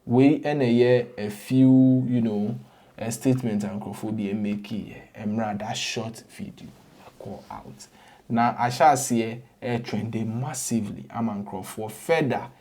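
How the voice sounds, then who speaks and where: A man's voice: mid-range voice, measured pace. Ghanaian man hosting a casual gossip show. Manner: chatty, code-switching, animated asides. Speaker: entertainment news host. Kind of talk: casual gossip commentary mixing English and Twi.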